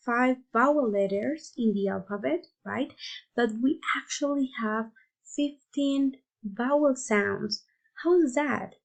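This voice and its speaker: A woman teaching English pronunciation in a careful lesson, drawing out vowel sounds slowly so learners can repeat them. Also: fairly high pitch, dark tone. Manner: deliberate, drawn-out modeling of vowel sounds.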